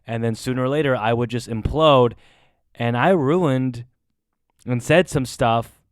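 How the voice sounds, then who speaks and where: A man's voice: medium pitch, clean tone, no echo, studio quality. Emphatic, swearing male podcast host. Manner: emphatic, swearing, swings to loud bursts. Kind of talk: heartfelt monologue.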